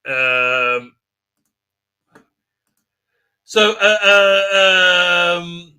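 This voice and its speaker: A man talks through an episode in a loose, rambling live-stream commentary, full of fillers and restarts. His tone stays scornful, and his voice is very bright and sits a little high for a man. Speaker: show host reviewing an episode.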